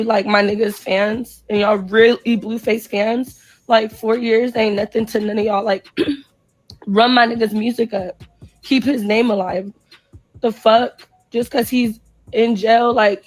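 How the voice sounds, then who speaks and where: Crying hoarse young woman ranting. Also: a little high, rough recording. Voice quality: husky. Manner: distraught, profane, addresses viewers directly. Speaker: performer livestreaming to fans. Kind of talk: emotional livestream rant.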